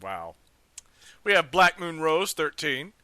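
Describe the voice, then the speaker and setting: A man casually hosting his own live stream, laughing easily between shout-outs. His voice is bright and smooth, his pitch rising and falling a lot. He takes his time with each line. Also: slow pace, no echo. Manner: relaxed, amused, laughs often. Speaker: streamer host.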